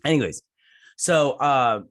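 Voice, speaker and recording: A man's voice: medium pitch, lively intonation, slow, fairly bright tone. A man hosting a casual show review, rambling through scene recaps with lots of "he's like" retellings and jokey asides about himself. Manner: self-mocking jokey asides. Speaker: host.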